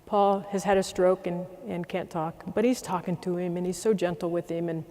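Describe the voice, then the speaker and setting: A middle-aged man leads a closing address from a stage. His fairly high voice carries a long hall reverb as he tells an animated story. He builds to firm, repeated rallying phrases. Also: normal speed. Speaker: military commander giving a closing address. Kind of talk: speech with storytelling.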